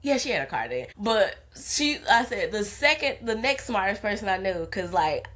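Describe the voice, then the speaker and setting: A woman in her forties talks straight into her phone from the driver's seat of her car, with a mid-pitched voice that is neither high nor low. She tells a personal story in a loose, candid monologue, swears freely, and calls the listener honey. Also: sing-song, normal speed, fairly bright tone. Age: 40s. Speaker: content creator. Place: in her car in a parking lot.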